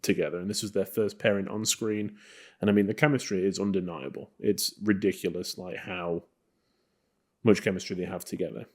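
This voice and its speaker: This low-voiced man speaks briskly as a co-host of a film podcast. In a relaxed, rambling manner full of fillers, he casually discusses and reviews old movies.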